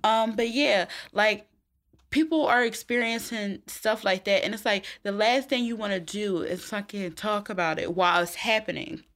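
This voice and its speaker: A woman co-hosting a casual comedic podcast, animated and laughing as she acts out what others said. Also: mid-range voice, normal speed. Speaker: podcast co-host.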